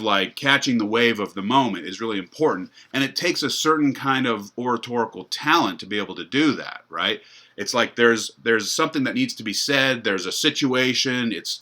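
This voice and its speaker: A man's voice: mid-range voice, pushed and bright. A middle-aged man giving a university lecture in a loose, conversational way, full of fillers and restarts. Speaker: professor.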